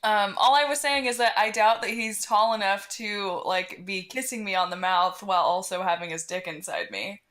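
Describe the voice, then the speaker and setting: A woman's voice: mid-range voice, normal speed, few pauses, fairly bright tone. Giggly, teasing woman podcast co-host. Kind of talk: casual chat.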